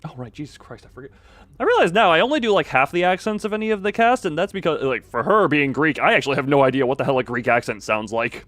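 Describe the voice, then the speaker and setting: A man's voice: a little high, animated, quick pace, a bit bright, no echo. Joking, rambling man streaming a game. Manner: jokey and rambling, with playful repeated bits. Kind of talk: casual live-stream chat and reading game dialogue aloud.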